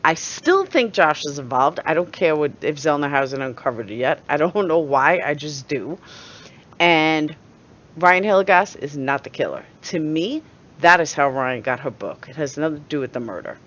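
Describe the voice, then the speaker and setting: A woman's voice: low-pitched, expressive, moderate pace, fairly bright tone. A woman with a New York accent giving blunt, sarcastic commentary and swearing freely, with a dull lo-fi recording sound. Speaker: channel host. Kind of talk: opinionated commentary.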